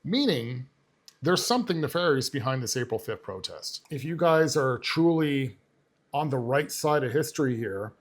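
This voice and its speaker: A man's voice: medium pitch, sing-song, normal speed. A man hosting a political commentary video, talking casually and dismissively with plenty of filler words. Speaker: commentary channel host.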